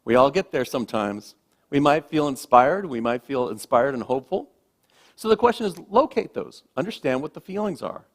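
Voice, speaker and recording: A man, a minister, giving a gentle, reflective sermon with slow, emphatic pauses, speaking to a congregation in a church. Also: medium pitch, lively intonation. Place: church sanctuary.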